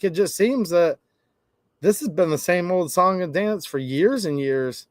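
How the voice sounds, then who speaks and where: A man's voice: sits high, no room sound, clean studio sound. A man giving a sarcastic opinion monologue on gun laws, acting out both sides of imagined conversations. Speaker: gun rights commentator.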